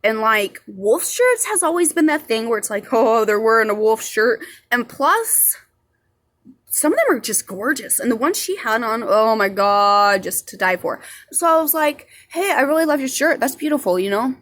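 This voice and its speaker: Chatty young woman with a higher voice. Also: big pitch swings, moderate pace, a bit bright. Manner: chatty, rambling, heavy swearing. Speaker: vlogger. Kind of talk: casual storytime vlog.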